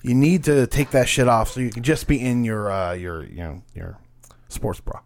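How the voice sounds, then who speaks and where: A man's voice: medium pitch, normal speed, gravelly. A man co-hosting a casual wrestling podcast, trading crude jokes and banter. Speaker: podcast co-host. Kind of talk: casual wrestling recap chat.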